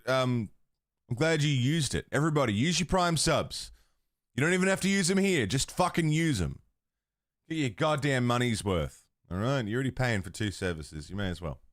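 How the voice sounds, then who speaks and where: Chatty, lively-voiced man streamer. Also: mid-range voice, no echo, clean studio sound. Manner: chatty, swears casually, laughs often. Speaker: livestream host. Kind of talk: casual chat with stream chat.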